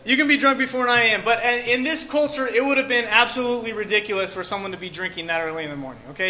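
A man's voice: high voice, fast, few pauses, pushed and bright. A man preaching a sermon in a casual, joking way, often saying "okay" and "um". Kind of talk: conversational sermon.

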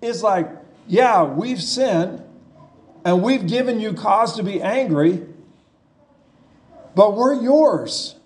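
High-voiced, slow-speaking male preacher. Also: expressive, darkish tone. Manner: conversational, paraphrasing scripture with rhetorical questions. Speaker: pastor. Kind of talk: sermon.

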